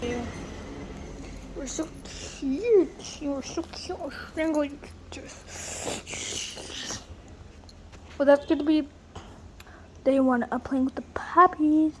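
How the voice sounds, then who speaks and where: A woman's voice: sits high, a little slow, long pauses, background noise. A woman filming a casual home vlog on a phone, gushing and cooing baby talk at a puppy. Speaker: vlogger. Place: family home.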